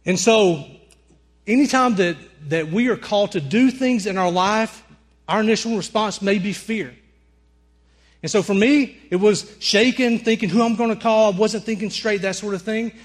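A young Southern-accented man from Alabama preaches a sermon built around a lively personal story, acting out his own screams and lines of dialogue. His voice sits high and he keeps a moderate pace.

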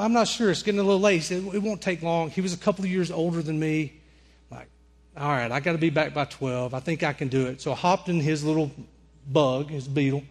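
A young man from Alabama with a Southern accent, preaching a sermon through a lively personal story, acting out his own screams and dialogue. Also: on the high side.

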